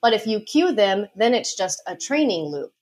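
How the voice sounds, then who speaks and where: A woman's voice: mid-range voice, big pitch swings, darkish tone. Confident woman explaining dog behavior. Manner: confident, explanatory, quick asides with light laughs. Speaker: dog behavior consultant guest. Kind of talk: podcast interview, explaining.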